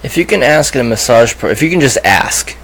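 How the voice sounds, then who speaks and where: A man's voice: mid-range voice, expressive, a little fast, a bit bright, rough recording. A man in a casual comedy podcast chat, chiming in with dry, wry remarks.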